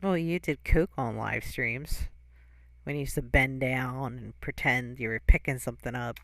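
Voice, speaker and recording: A woman's voice: a bass voice, normal speed, a bit bright, dry recording. A woman giving reaction commentary on a clip, blunt and scolding toward the streamer she is watching.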